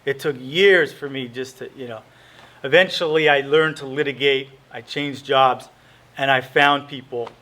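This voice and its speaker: A man's voice: medium pitch, fairly even intonation, unhurried, bright, forceful tone. A middle-aged man from California, a lawyer giving an earnest lecture-style talk with slides, often restarting and correcting himself.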